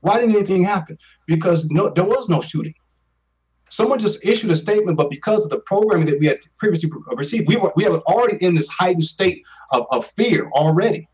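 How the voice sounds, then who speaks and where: A man's voice: high-pitched, animated, fast, a little mellow, breathy edge, distant mic, low-quality recording. A man in his forties telling a personal story as an interview guest, earnest and emphatic, often repeating his words. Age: 40s.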